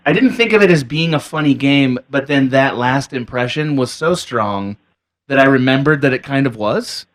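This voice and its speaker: Man, podcast co-host, curious questions, loose rambling talk, mid-pitched. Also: lively intonation, moderate pace. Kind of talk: casual podcast interview.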